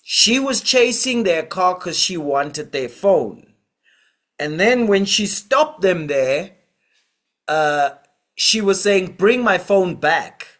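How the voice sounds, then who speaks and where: Casting note: male vlogger, higher voice, unhurried delivery, casual storyteller who acts out quotes. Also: lively intonation, a bit bright. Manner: retells events with quoted voices and asides.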